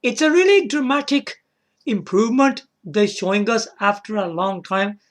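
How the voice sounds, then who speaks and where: Speaking at a moderate pace in a voice that sits high, a man rambles casually through a solo gaming video. He keeps repeating words, checks in with the viewer, laughs to himself and apologizes.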